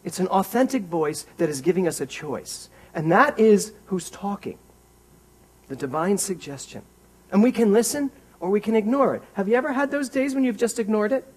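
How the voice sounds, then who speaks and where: Guy preaching in church, high voice that swings up and down a lot, wry and chatty with the crowd. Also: moderate pace, husky, poor audio. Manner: animated, wry, talks straight to the congregation. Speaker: minister. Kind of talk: conversational sermon.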